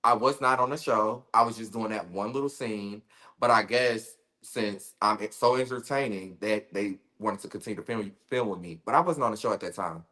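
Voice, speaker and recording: A man's voice: fairly low pitch, normal speed, pushed and bright. A man talking as a guest in a casual interview, blunt and candid, laughing often and using slang. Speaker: reality show cast member, guest.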